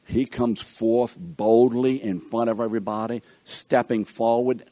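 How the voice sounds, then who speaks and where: A man's voice: on the low side, no room sound. A man teaching a Bible lesson and asking his class questions. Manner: animated, asks the class questions.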